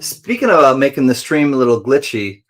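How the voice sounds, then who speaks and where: A man's voice: medium pitch, sing-song, a little fast, a bit bright. A man hosting a casual livestream, chatting playfully with viewers, greeting them by name and laughing often. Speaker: livestream host.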